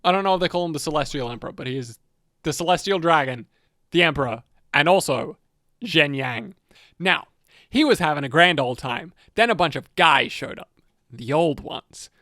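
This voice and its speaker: A man's voice: on the high side, expressive, moderate pace, bright, forceful tone, no echo, studio quality. Profane rambling man telling fantasy lore. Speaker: podcast co-host narrating lore. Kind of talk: casual lore chat.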